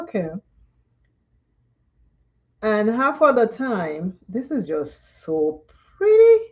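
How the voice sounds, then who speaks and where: Lady doing a live makeup stream, slow easy chatty talk, laughs a lot, kinda muffled audio. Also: a little high, a little mellow. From Dominica. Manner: chatty, laughs often, storytelling between makeup steps. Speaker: makeup vlogger.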